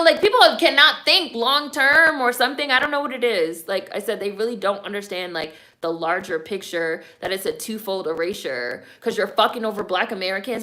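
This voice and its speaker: A woman with a bright, sharp tone running a live stream. She reads viewer comments out loud and answers them in blunt, opinionated bursts. Her talk is loose and profane, full of "like" and "y'all". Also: fairly high pitch. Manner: blunt, opinionated, frequently swearing.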